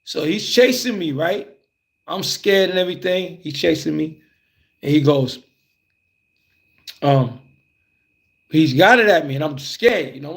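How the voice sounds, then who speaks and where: A man casually telling a childhood story, animated and conversational, acting out the scenes as he goes. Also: a little high, unhurried, long pauses.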